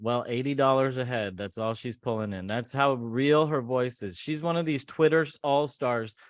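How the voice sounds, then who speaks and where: A man's voice: medium pitch, normal speed, dry recording. Sarcastic male podcast host, dry sound. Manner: sarcastic, mocking. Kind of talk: casual chat reading memes.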